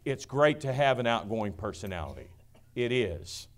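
A middle-aged male pastor preaching a sermon, booming then dropping to a hush, acting out quoted voices. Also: sing-song, moderate pace. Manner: swings from booming to hushed, acts out quotes.

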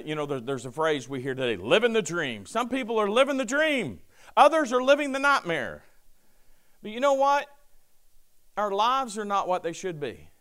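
A man preaching a sermon, reading scripture aloud with lively asides and a touch of sarcasm. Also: sits high, clean tone. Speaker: pastor.

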